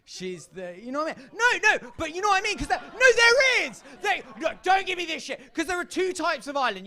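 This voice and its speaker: High, lively male stand-up comic. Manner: rambling, self-deprecating, quick asides to the crowd. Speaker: stand-up comedian. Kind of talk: stand-up routine to a live audience. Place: comedy club stage.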